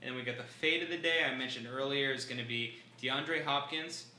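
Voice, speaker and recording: A man's voice: mid-range voice, brisk, pushed and bright. A man guest talking fantasy sports picks in casual chat, laughing often. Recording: roomy echo, faint background noise.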